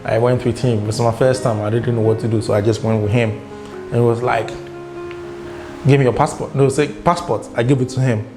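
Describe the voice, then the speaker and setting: Young Ghanaian vlogger, mid-pitched, animated storyteller, guitar music playing underneath. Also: male voice, fast. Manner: animated storytelling, acts out quoted dialogue. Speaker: travel vlogger. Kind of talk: casual storytelling vlog.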